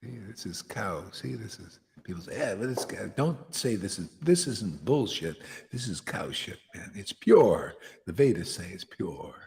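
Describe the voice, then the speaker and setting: A man's voice: low voice, big pitch swings, measured pace, creaky, darkish tone. Fiery blunt male preacher in a reverberant hall. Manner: blunt, fiery, slangy, often says "man". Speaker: spiritual teacher leading satsang. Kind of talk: impassioned devotional sermon.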